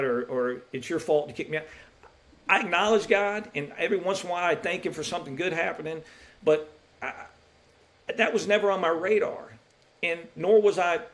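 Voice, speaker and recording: Middle-aged man, podcast guest; earnest, emotional testimony, slightly higher voice, frequent restarts. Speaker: podcast guest, college basketball referee. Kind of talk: personal testimony in a podcast interview.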